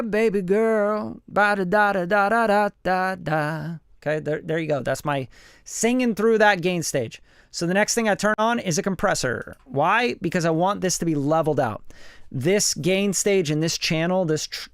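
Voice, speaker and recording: A man's voice: on the high side, no room sound. A man hosting a casual hands-on studio lesson, talking loosely and conversationally as he runs mic checks on his vocal chain. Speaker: studio engineer and host. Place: home recording studio. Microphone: studio vocal mic through preamp and compressor.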